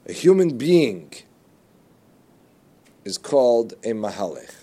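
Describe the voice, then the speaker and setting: A man giving a religious lesson, telling jokes and stories, with animated jumps in pitch on key words. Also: slow, husky. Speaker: Torah teacher.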